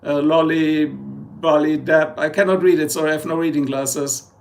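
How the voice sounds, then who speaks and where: A man's voice: on the high side, fairly even intonation, normal speed, gravelly. A German man with a German accent, hosting a casual live stream, joking and rambling as he answers chat. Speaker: livestream host.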